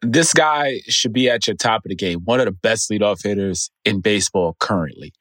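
A man working as a radio show's producer, giving trivia hints in a low-key, lightly teasing way. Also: normal speed, a bit bright, dry recording. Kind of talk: casual sports talk.

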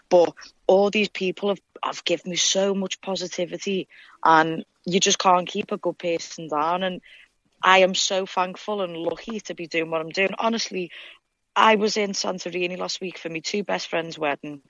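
A woman's voice: on the low side, a bit bright, dry recording, dull audio. A young woman with a Scouse accent, a fighter, chatting freely in an interview and swearing often. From Liverpool, England. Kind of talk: casual interview.

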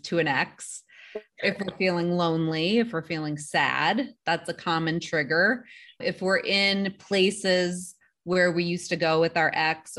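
A woman with a fairly low voice speaks as a therapist on a podcast. She talks calmly and in a measured way, laying out practical advice step by step. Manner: calm, measured, instructive. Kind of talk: advice-giving podcast talk.

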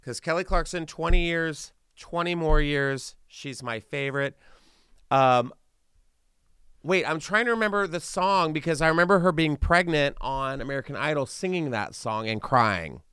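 Podcast host, man, lively storyteller, smooth clear voice, dry close sound. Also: fairly high pitch, moderate pace, dry recording. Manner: animated storytelling with playful asides. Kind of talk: casual chat.

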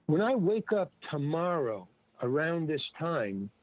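An older man with a fairly high voice spins loose, digressive stories and drifts from one thought to the next. He slips into the voices of people he quotes. The sound is thin, dry and phone-like, with no room around it. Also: sing-song, unhurried, no room sound. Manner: rambling, digressive, acts out quoted dialogue. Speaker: guest actor and comedian. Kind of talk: casual conversational storytelling. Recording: tinny dry phone-like line.

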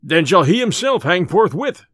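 A man's voice: high-pitched, very animated, normal speed, fairly bright tone, dry recording, studio quality, exaggerated voice. A man doing a bold, loyal outlaw lieutenant. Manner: bold and eager.

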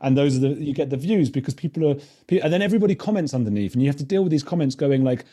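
A man's voice: a little high, expressive, very fast, hardly any pauses, mellow, slightly rough. An English man chatting as a guest on a casual podcast interview, self-deprecating and full of restarts. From England. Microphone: remote call mic.

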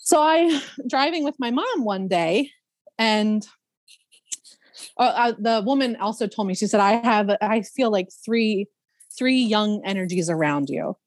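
A woman telling a story on a podcast, casual and lively. Her pitch is middling and she often laughs and mimics others. The sound is close and dry, with no room echo. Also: unhurried. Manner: animated, laughs often, imitates other people's voices. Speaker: podcast guest.

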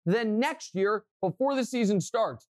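A young man co-hosting a sports podcast, telling stories and giving strong opinions in an animated way. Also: sits high, a little slow, no echo, clean studio sound. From Kansas City, US. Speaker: podcast co-host. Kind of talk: casual sports talk.

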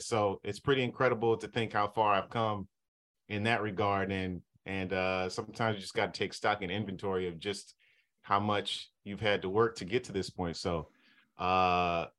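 Sports reporter guest, male, 30s, from Southern California; laid-back storyteller, slightly low voice. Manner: relaxed, easygoing storytelling. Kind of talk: casual podcast chat.

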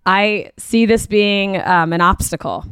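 A woman's voice: mid-range voice, a little slow, fairly bright tone, clean tone, no echo, clean studio sound. Chatty woman podcast co-host. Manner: chatty, thoughtful, many fillers. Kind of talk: casual recap chat.

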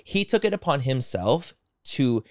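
A man co-hosting a podcast, retelling online drama in rapid, animated bursts and acting out quoted people. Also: mid-range voice, dry recording, clean studio sound. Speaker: podcast co-host. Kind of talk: casual gossip chat.

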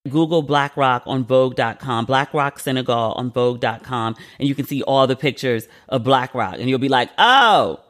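A man hosting a podcast in a casual chat. He talks in an expressive, rambling way, swears freely and laughs at himself. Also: medium pitch, moderate pace, few pauses. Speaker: podcast host.

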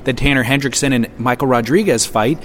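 Animated man in casual podcast chat. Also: medium pitch, a little fast, slight background noise. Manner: animated, acts out quoted remarks. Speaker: podcast co-host.

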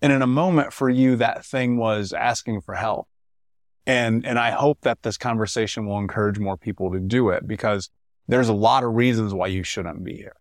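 Man, podcast host, casual interview chat, emphatic, animated, dry close sound. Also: on the low side, normal speed, no room sound.

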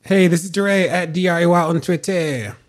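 A man hosting a podcast, talking in a relaxed, conversational way with lots of fillers. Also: high-pitched, brisk. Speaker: podcast host. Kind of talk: casual podcast chat.

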